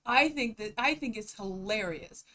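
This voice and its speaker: A woman's voice: medium pitch, animated, a little slow, pushed and bright. A young woman streamer chatting casually on a live stream, giggling and breaking into helpless laughter as she talks.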